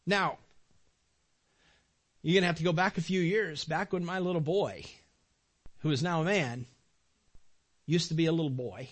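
High-voiced middle-aged man preaching. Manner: animated, emotional, repeats phrases for emphasis. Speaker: pastor. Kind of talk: sermon. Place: church sanctuary.

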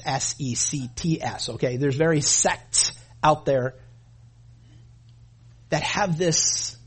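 A man with a slightly high, husky voice preaches as a pastor, speaking emphatically and building intensity. He addresses the congregation directly, calls them "gang," and acts out voices.

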